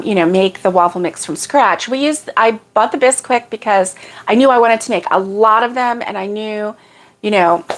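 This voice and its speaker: A middle-aged woman hosting a casual morning livestream, rambling homily and greeting viewers by name with a lifted, friendly voice. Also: mid-range voice. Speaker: livestream host.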